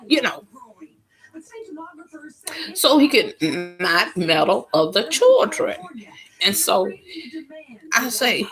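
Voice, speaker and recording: A woman's voice: medium pitch, vocal fry, poor audio. A middle-aged woman telling a story in casual chat on her live stream, exclaiming as she goes. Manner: animated, exclaiming, drawn-out Southern phrasing.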